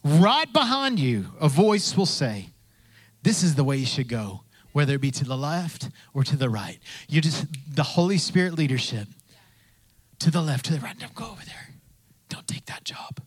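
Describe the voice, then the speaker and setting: A man preaching in an easy, conversational style, his voice sitting a little high for a man. He repeats his phrases as he goes and slips into the voices of the people he quotes. The sound is dry and close to the mic. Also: big pitch swings, moderate pace, no echo. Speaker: pastor. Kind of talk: sermon.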